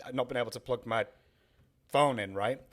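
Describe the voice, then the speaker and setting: A man's voice: mid-range voice, a little fast. A man co-hosting a casual podcast over drinks, rambling and self-deprecating with many restarts. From Wales. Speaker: podcast co-host.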